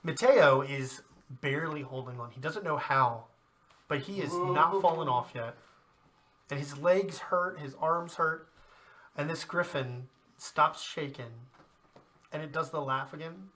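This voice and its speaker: A man's voice: a little high, unhurried, fairly bright tone. A man running a tabletop game as game master, narrating casually and laughing often.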